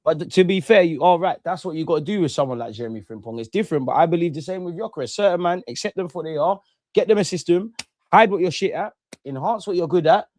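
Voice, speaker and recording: A young man streams a football watch-along, speaking fast in a fairly high voice on a dry recording. Excitable and given to banter and trash talk, he keeps up casual live commentary and chats with his viewers.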